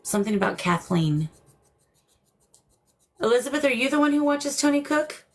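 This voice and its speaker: A woman's voice: high-pitched, animated, normal speed. An older woman hosting a paranormal livestream from home, chatting casually, laughing and coaxing spirits with questions. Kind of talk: casual live-stream chat.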